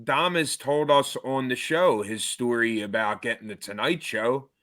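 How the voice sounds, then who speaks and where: A man's voice: medium pitch, measured pace, a bit bright. A man co-hosting a podcast, asking questions and teasing in casual chat. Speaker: podcast co-host.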